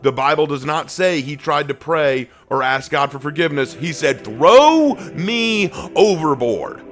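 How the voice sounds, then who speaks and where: A man teaching a Bible study in a sermon style, swinging between emphatic bursts and slow, hushed phrases and acting out the people he quotes. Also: on the high side, faint music behind. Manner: acts out quoted speech with lively shifts in voice.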